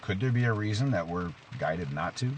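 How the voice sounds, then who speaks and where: A man's voice: a little fast, dull audio, slight background noise. A man giving an informal devotional talk, asking questions and telling stories to make his point. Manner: questioning, tells stories, lively rises in pitch. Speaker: preacher. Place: outdoors in rain.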